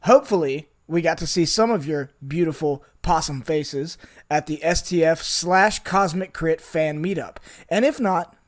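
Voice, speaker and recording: An upbeat young man opens his tabletop gaming podcast with a chatty scripted intro. His voice sits a little high and swings around a lot, full of enthusiasm. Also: dry recording, studio quality. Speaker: podcast host.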